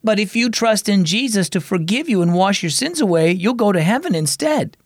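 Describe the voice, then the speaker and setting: A man's voice: high voice, animated, a little fast, dry recording, clean studio sound, pitched above the performer's own voice. A man voicing a confident, teasing young boy in a children's audio story. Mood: playful. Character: cocky playful young boy.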